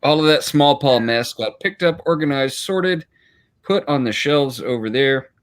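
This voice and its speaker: A man with a mid-pitched, ordinary voice talks casually on a video call. He gives an easygoing, upbeat update. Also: a little slow.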